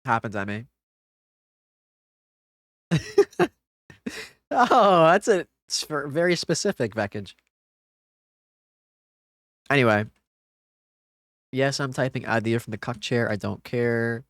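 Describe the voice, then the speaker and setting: A man's voice: medium pitch, very animated, slow, long pauses, a bit bright, dry recording, studio quality. A young man streaming, chatting casually with sarcasm, frustration and swearing.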